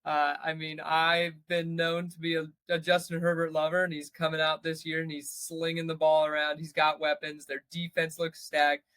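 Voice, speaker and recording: Man, co-host, fairly high voice, playful, laughing, dry close sound. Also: monotone, normal speed, hardly any pauses, bright, forceful tone, clean tone, no echo. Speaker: podcast co-host. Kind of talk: casual podcast chat.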